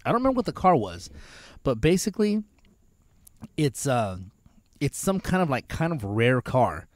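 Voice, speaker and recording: A young man on a casual talk show, telling stories in an animated way and acting out the voices of people in them. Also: moderate pace, no room sound. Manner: animated storyteller, acts out quoted voices in higher pitch. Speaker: co-host. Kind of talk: casual chat.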